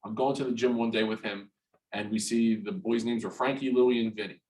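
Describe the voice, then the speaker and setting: A man in his forties from New Jersey, a guest in an interview, telling a personal story frankly and haltingly, restarting and repeating words and swearing freely. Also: lowish voice, fairly even intonation, a little mellow, rough recording. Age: 40s.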